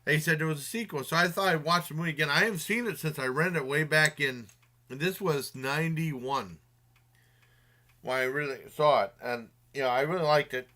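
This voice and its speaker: A man's voice: fairly high pitch, fairly quick, sharp tone. A man casually retelling a movie's plot in a review, rambling with many fillers and restarts and chuckling along.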